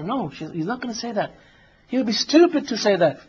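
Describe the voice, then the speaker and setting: High-voiced man preaching a sermon. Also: quick pace, highs cut off, slight background noise. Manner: repeats key lines for emphasis, animated storytelling.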